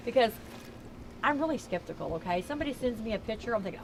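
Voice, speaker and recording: A woman's voice: a little high, quick pace, a little hiss or hum, poor audio. A middle-aged woman with a Southern Texas accent, a tour guide telling ghost stories to a crowd outdoors in a chatty, folksy way, recorded on a tour member's camera. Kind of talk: storytelling tour talk to a crowd. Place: outdoors on a town street tour at night. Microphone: camera held by a tour member.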